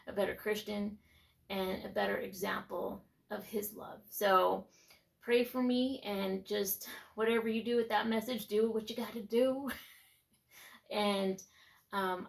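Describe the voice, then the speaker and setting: A woman's voice: mid-range voice, gravelly. A woman in her twenties giving an earnest, reflective personal testimony in a vlog, sometimes dropping to a near-whisper. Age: 20s. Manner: earnest and reflective, with frequent restarts; heartfelt, drops to near-whispers for inner thoughts. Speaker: faith vlogger.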